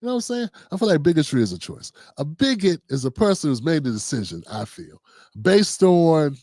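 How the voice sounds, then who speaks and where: High-voiced chatty man from Maryland. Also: sing-song, brisk, darkish tone, no echo. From Maryland, USA. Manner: conversational, repeats "you know what I'm saying". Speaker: livestream host. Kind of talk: casual monologue.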